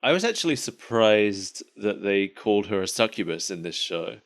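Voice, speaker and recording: A man's voice: on the low side, sing-song, normal speed. A man co-hosting a podcast in casual chat, rambling and laughing often at his own jokes. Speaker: podcast co-host.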